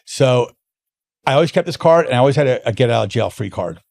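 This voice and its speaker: Here the wine importer, a male guest being interviewed, talks quickly in a gravelly, medium-pitched voice. His long anecdotes are lively and casual, full of false starts and restarts.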